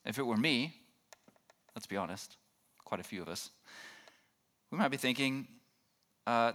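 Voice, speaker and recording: A man's voice: on the low side, lively intonation, moderate pace, long pauses, fairly bright tone. A man preaching a sermon in a conversational way, asking the congregation questions and acting out reactions. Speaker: pastor.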